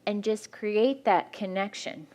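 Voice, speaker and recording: A woman's voice: mid-range voice, unhurried, a little mellow, highs cut off. Woman, frank and practical, marriage workshop speaker, instructive. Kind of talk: church workshop talk.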